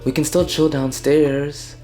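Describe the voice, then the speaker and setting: A man's voice: a little high, fairly even intonation, measured pace, over loud music, pitched above the performer's own voice, lightly acted. A man putting on a coaxing young woman.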